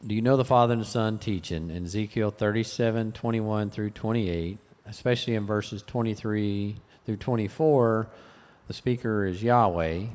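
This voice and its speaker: A man reading listener questions aloud in a halting way, with fillers. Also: on the low side, a little mellow, big-room sound. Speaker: question reader.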